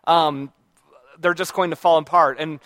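Man in his own voice, high-pitched, dry close sound, loose conversational lecturer who quizzes the room. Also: fairly even intonation, unhurried, a bit bright, no echo. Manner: conversational, with frequent fillers and restarts; checks in with the audience by asking questions. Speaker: speaker giving a talk to an audience. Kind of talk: informal lecture. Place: room with a live audience.

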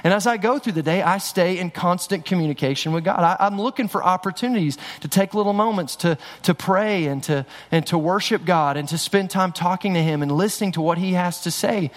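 In a church sanctuary, a middle-aged male pastor preaches conversationally, often restarting his sentences. His high-pitched voice runs a little fast with few pauses, and a long hall reverb colors the recording.

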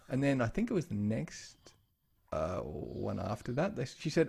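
The co-host's voice here is mid-range, gravelly and husky, at a moderate pace. He shares family anecdotes in relaxed podcast conversation, animatedly imitating each person he quotes.

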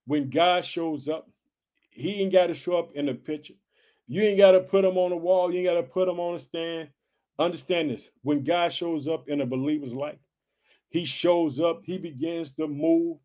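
A man preaching an energetic sermon, reading scripture aloud and calling out to his listeners as family. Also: a little high. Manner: animated, exclaims hallelujah, addresses listeners as family.

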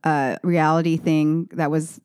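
A woman's voice: low voice, flat delivery, darkish tone, clear, resonant tone. A young American woman musician chatting as an interview guest, rambling with frequent restarts and fillers. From United States. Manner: rambling, halting with many restarts. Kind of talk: casual interview chat.

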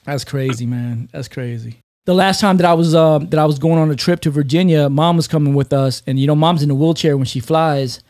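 A man in his fifties, a podcast host telling stories in casual chat, animated, swearing and laughing often. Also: fairly high pitch, a little fast.

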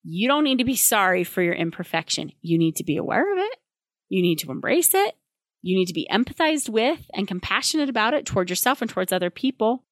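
A mother giving parenting advice in a candid monologue, brisk and emphatic with a wry, plainspoken humor. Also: mid-range voice, sing-song, no room sound. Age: adult with children.

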